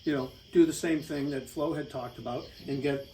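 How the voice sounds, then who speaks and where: A man's voice: on the high side, fairly even intonation, moderate pace, a little mellow, slight background noise, low-quality recording. A middle-aged American man telling a rambling, casual travel story over slides, with lots of fillers and laughs. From United States.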